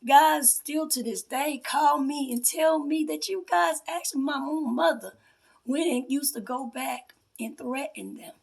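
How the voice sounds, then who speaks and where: A woman giving an emotional personal testimony aimed at her mother, confrontational and swinging between hushed whispers and a raised, accusing voice. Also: high voice, a little slow, vocal fry. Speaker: self-styled spiritual priestess.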